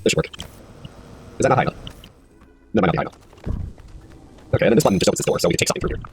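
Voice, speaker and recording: A man's voice: lowish voice, very fast. A man races through his thoughts while solving puzzles on stream, muttering to himself in a loose, rambling way with the odd curse. He talks at a breakneck clip over a faint layer of background noise. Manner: rambling, self-talking, swears casually. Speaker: gaming video host. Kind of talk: casual let's-play commentary.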